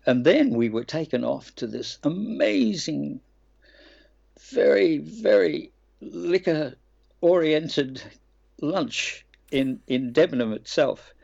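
Older Australian man, gravelly storyteller. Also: a little high, takes it slowly. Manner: lively storyteller, laughs and acts out quotes. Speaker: guest voice actor. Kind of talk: anecdotal interview chat. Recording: dull lo-fi remote line.

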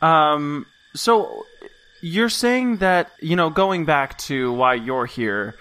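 A man playing a tabletop game, asking questions in a quick, joking way and correcting himself often. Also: fairly high pitch, lively intonation, pushed and bright, clear, resonant tone. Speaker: player. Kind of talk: casual tabletop play.

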